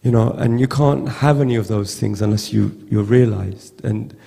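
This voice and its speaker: A man giving a halting, heartfelt storytelling tribute at a memorial gathering, often repeating words. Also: lowish voice, dark tone, in a large hall. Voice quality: gravelly. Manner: halting, repeats words, acts out quoted voices. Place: temple hall with long reverb.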